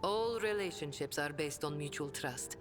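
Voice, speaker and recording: A woman voicing a sly, worldly smuggler-trader who keeps up a refined front, in a theatrical video game delivery with hushed asides. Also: low-pitched, moderate pace, natural voice. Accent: non-standard accent. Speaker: game companion character. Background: game music.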